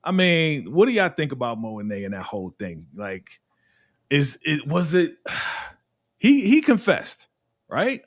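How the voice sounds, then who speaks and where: A man hosting a casual TV episode review, animated and laughing often, his voice swinging between high and low. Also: measured pace. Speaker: host of a TV recap show.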